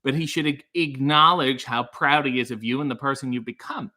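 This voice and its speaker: Guy doing a rambly deadpan live show, swears a lot, bright edgy voice. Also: medium pitch, brisk. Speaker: host. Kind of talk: comedic livestream monologue.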